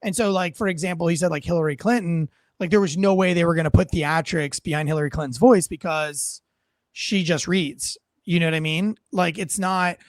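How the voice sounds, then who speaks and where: A man's voice: fairly high pitch, a little fast, no room sound. A man, a guest author, telling stories with enthusiasm and theatrical flair, then reading his memoir aloud with drama. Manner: enthusiastic, theatrical, lots of fillers. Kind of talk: animated storytelling and dramatic reading.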